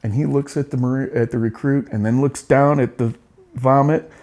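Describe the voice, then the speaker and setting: A man's voice: mid-range voice, steady tone, moderate pace, a little mellow. A middle-aged man, a Marine veteran, telling war stories in a casual interview, blunt and profane with bursts of laughter.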